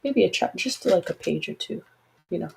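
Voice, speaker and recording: A woman's voice: lowish voice, animated, moderate pace, vocal fry, slight background noise, poor audio. A woman hosting a casual livestream, talking frankly and chattily with apologetic asides to her listeners. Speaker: podcast host.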